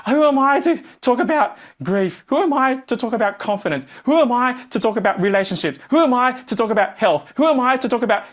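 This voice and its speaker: A man playing a panicky beginner coach who whines and wails in a high voice during a live workshop. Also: sing-song, measured pace, a bit bright, full character voice. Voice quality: high, whiny, wailing. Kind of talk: acted example in a live workshop.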